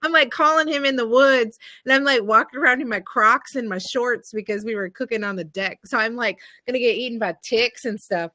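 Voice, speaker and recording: A woman with a Southern accent tells a rambling, animated story on a video call. Her voice is bright and sits a little high. The sound is dry and close. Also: brisk, hardly any pauses, no echo. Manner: animated, many "like"s and "I'm like", acts out voices in quotes. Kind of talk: casual storytelling chat.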